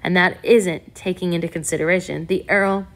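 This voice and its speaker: A woman reading an excitable lecturing scientist. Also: lowish voice, fairly quick, natural voice. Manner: explanatory, lecturing.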